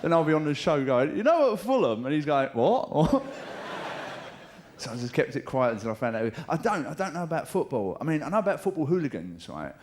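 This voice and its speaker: A man with a London accent doing a live stand-up routine in a theatre, cheeky and full of swearing, often shouting out mimicked voices. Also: medium pitch, lively intonation, fast talker, hardly any pauses. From England. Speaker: stand-up comedian. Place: large theatre stage with audience. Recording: theatre show taped with audience noise.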